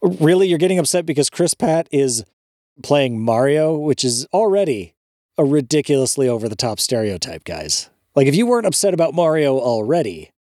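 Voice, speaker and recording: A man's voice: a little high, big pitch swings, moderate pace, warm tone, no echo, clean studio sound. A man co-hosting a podcast in casual chat, ranting with disbelief and swearing freely. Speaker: podcast co-host.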